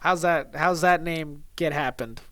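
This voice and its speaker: A man's voice: a little high, unhurried, pushed and bright, no echo. A young man from California hosting a casual podcast, rambling and joking and laughing often. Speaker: podcast host.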